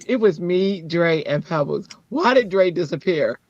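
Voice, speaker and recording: Woman host, deep voice, chatty and laughing, slightly dull lo-fi sound. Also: a little slow, no room sound. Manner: animated storytelling, laughs often. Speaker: craft show host. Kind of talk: casual chat.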